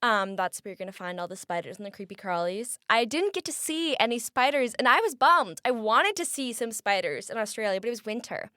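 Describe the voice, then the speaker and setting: Podcast guest, young American woman, chatty and upbeat, crisp close sound. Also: fairly high pitch, very animated, fairly quick, hardly any pauses, pushed and bright, dry recording. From United States. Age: 20s. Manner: bubbly, laughs often, many ums. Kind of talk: casual interview chat.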